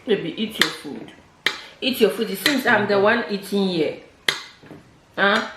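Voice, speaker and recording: A woman's voice: medium pitch, unhurried, reverberant, heavy background noise. A woman with a West African accent, chatting playfully and teasing her husband in a casual vlog. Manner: teasing, playful, repeats herself. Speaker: vlogger. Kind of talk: casual prank vlog chat.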